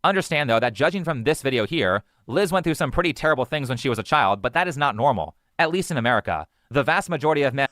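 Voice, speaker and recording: A man's voice: medium pitch, animated, quick pace, few pauses, fairly bright tone, no room sound, clean studio sound. A man narrating a commentary video in an argumentative, skeptical, lecturing way.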